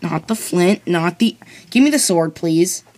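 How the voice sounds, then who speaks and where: A gamer chatting casually during a co-op game, bossy and teasing, breaking into excited whoops. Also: medium pitch, unhurried. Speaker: let's play gamer. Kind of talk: casual co-op gaming chat.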